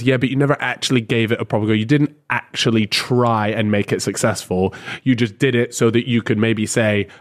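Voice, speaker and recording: A man hosting a podcast, talking reflectively with many restarts. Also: medium pitch. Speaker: podcast host. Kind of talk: podcast conversation.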